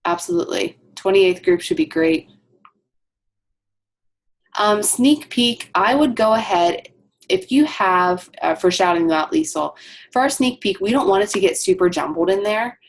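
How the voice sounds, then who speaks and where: Gravelly, chatty woman coach. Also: medium pitch, lively intonation, moderate pace. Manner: chatty, many ums and asides. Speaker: team coach leading a call. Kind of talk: casual team call.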